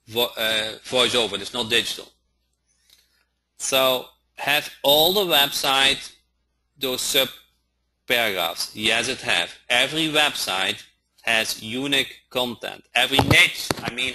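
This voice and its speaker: Man, online trainer, very bright voice, halting delivery, frequent check-ins. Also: mid-range voice, a little hiss or hum. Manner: halting, keeps checking in with listeners. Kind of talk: live webinar instruction.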